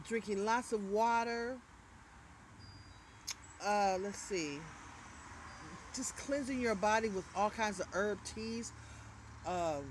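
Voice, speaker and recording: A woman with a medium-pitched voice hosts a casual livestream, reading viewer comments and offering spiritual advice. She's chatty and loose, trailing off and restarting as she rambles, with slight background noise in the audio.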